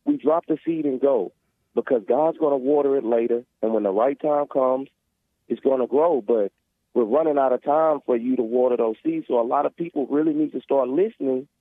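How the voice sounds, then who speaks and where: A man's voice: mid-range voice, normal speed, no echo. A man calling in to a talk show, talking earnestly and preachily about faith and family, rambling with restarts. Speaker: caller. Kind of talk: emotional phone call to a talk show. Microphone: phone. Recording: tinny dry phone line.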